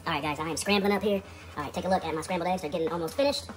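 A man with a slightly high, racing voice hosts a casual cooking vlog from his home kitchen, with heavy background noise. He jokes around in a laid-back way, chatting directly to viewers as he demos the cooking.

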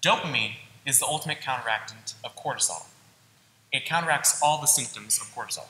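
A man's voice: mid-range voice, lively intonation, fairly quick, pushed and bright, echoey room, long reverb tail, a little hiss or hum, poor audio. A teenage boy giving an earnest, casual school presentation and talking straight to his audience. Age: teens. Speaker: student presenter. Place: school auditorium.

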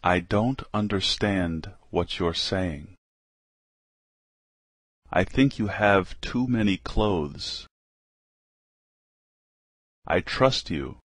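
A man slowly reading short practice phrases aloud for a language lesson, one at a time with pauses. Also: deep voice, fairly bright tone, husky, no echo, clean studio sound.

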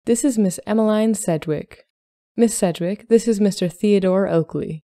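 A woman's voice: medium pitch, moderate pace, mellow, dry recording, clean studio sound, pitched above the performer's own voice, lightly acted. A woman voicing an impulsive, bubbly young lady of the Regency era, speaking eagerly.

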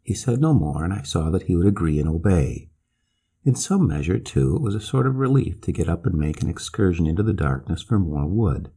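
A man narrating a classic ghost story in a measured, expressive reading. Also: low-pitched, slightly rough.

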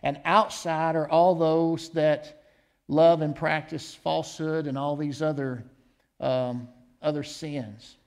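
A man's voice: fairly high pitch, flat delivery, slow. Earnest man preaching with rhetorical questions. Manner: reads scripture aloud with rising emphasis. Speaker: pastor. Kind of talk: sermon.

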